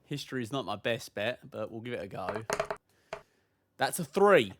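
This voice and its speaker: A man's voice: mid-range voice, big pitch swings, moderate pace, fairly bright tone. A man playing in a tabletop game, joking playfully with the group. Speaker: player.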